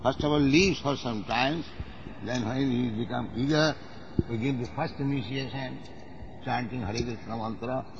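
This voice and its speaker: A man's voice: mid-range voice, moderate pace, dull audio, noisy background. A man who is a spiritual teacher, instructing in conversation, emphatic and corrective and often repeating himself.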